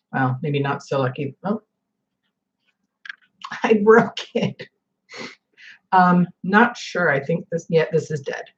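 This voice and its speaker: Woman in her forties, chatty home vlog, rambling, lowish voice, dull lo-fi sound. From northern United States. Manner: chatty, rambling, many fillers. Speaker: vlogger. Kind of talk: casual chat.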